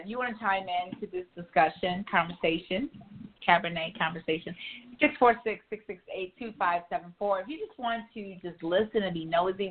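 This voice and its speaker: Woman talk-radio host, loud, emphatic and profane, heard over a tinny phone line. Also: mid-range voice. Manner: loud, laughing, emphatic, swears freely. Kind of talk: casual talk radio chat.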